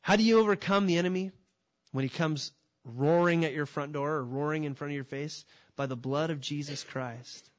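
A man's voice: fairly high pitch, moderate pace. Emphatic male preacher. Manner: energetic, emphatic, rhetorical questions. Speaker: pastor. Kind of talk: sermon.

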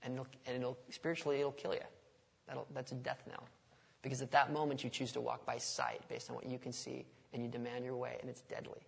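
A man's voice: mid-range voice, flat delivery, brisk, creaky, breathy edge. A man preaching a sermon in a conversational way, often putting questions to the congregation. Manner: conversational, asks the audience questions. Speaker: pastor. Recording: long reverb of a large hall.

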